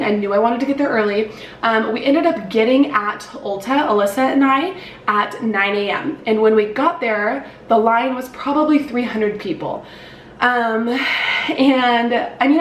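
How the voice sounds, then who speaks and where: A young woman in her twenties tells a story to her vlog audience in a bubbly, casual way, full of fillers and "like". Her voice sits a little high and comes from a slight distance. It carries a roomy echo over a faint background hum. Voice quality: upbeat, filler-heavy, lots of "like". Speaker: beauty vlogger.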